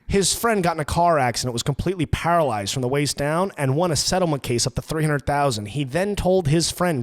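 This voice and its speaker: A man's voice: fairly high pitch, expressive, big-room sound. A man with a New York accent, co-hosting a podcast and ranting profanely for comedy. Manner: loud, fast-ranting, profane. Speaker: podcast co-host.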